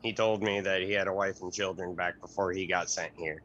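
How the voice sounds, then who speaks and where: A man voicing a blunt, firm male crewmate who talks in a forceful way, on a lo-fi recording. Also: low-pitched, steady tone, fairly quick, a little hiss or hum. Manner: forceful, no-nonsense.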